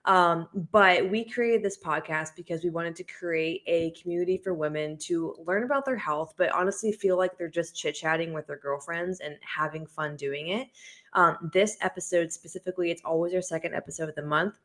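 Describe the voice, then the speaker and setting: A woman with a low voice co-hosts a relaxed health podcast. She chats loosely, with many ums and likes. She laughs easily. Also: moderate pace. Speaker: podcast co-host, women's health and fitness coach. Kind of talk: casual podcast chat.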